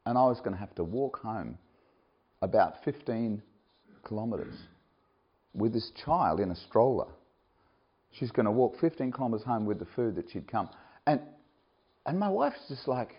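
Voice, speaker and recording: A man's voice: on the low side, moderate pace, husky. A man preaching as a missionary, telling stories and acting out what people said. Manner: animated storyteller, acts out quoted dialogue with laughs. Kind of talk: sermon with personal stories. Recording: dull lo-fi recording.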